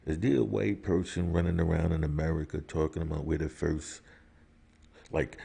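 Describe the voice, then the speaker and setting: A man speaks slowly in a very low, gravelly voice. His tone is dark and husky. He pushes his points hard with repeated rhetorical questions. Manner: rises to heated outbursts. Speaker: commentator. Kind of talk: opinion monologue.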